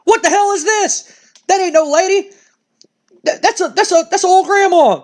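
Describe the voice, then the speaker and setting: A man's voice: very high voice, expressive, normal speed, pitched above the performer's own voice. A man voicing a cocky, arrogant male pro wrestler with a brash, sneering drawl. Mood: outraged.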